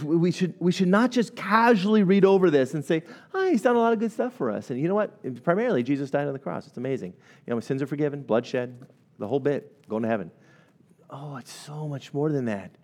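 A middle-aged man gives a Sunday sermon in a fairly high, lively voice. He rambles into jokey asides and his pitch swings sharply up and down as he goes. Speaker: pastor.

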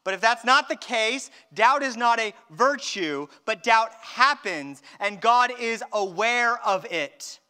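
A man preaching a sermon, acting out quoted voices with animated delivery and slowing down for emphasis. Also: very high voice, clean tone. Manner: animated, acts out dialogue, slows down for emphasis. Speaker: pastor.

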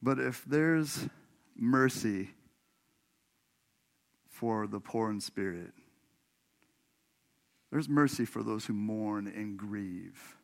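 A man's voice: on the low side, drawn-out words, vocal fry, pauses often. A man from Washington state, a pastor preaching a sermon in a church, telling a personal story in a chatty way and often laughing as he talks to the congregation. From Washington state, USA. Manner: conversational, laughs often, addresses congregation directly. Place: church sanctuary.

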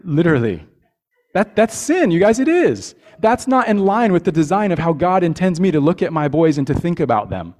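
A man's voice: a little high, big pitch swings, brisk, a little mellow. A man, a father with young boys, preaching a communion sermon in an earnest way, often repeating words and checking in with his listeners. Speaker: pastor.

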